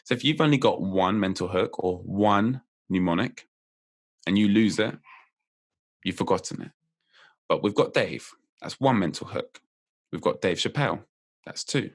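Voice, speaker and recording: Male guest, memory coach, slightly low voice, upbeat and playful, laughs through his explanations. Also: moderate pace, long pauses. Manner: lively and playful, laughs often while explaining. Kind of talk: explaining memory techniques in casual chat.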